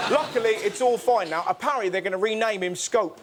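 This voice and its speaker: A man's voice: high voice, fast talker, hardly any pauses, heavy background noise. A man hosting a topical comedy show, delivering stand-up jokes and laughing through them. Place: TV studio with live audience. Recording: loud studio audience laughter.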